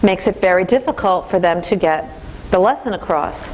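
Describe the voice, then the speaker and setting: A woman instructor giving a lively, conversational lecture in a classroom, speaking straight to the class. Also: lowish voice, moderate pace, slight background noise, poor audio.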